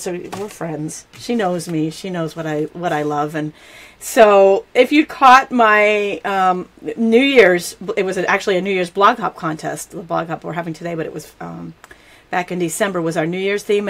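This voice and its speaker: A middle-aged woman hosting a live craft stream, chatting casually and gushing excitedly to her viewers. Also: on the low side. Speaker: stamping demonstrator hosting a live craft show.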